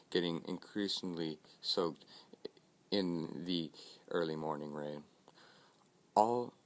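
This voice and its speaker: Deep-voiced man narrating a war story. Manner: measured storytelling. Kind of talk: scripted narration.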